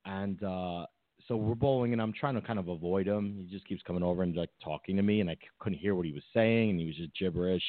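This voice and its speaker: A man's voice: sits low, quick pace, dry recording. A man co-hosting a podcast, telling a rambling story in casual chat with many fillers and restarts. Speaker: podcast co-host. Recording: tinny phone-like line, dry.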